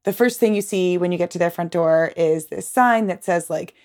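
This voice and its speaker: A woman's voice: fairly low pitch, moderate pace, a little mellow. A woman podcast host in casual chat, talking in a chatty way with many fillers and frequent laughs.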